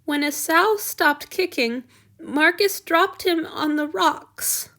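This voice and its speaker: Woman reader playing a tearful young servant man, raised high and strained, stammering through sobs. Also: slow pace, sharp tone, full character voice. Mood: shaken. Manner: stammering, sobbing, pleading. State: crying.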